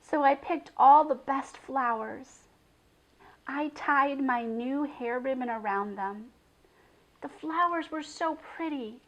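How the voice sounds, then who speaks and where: A woman's voice: sits high, takes it slowly, voice pushed up, rough recording. A woman voicing an upset young girl who scolds in a fierce whisper and then speaks in a shaky voice. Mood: shaky, sad.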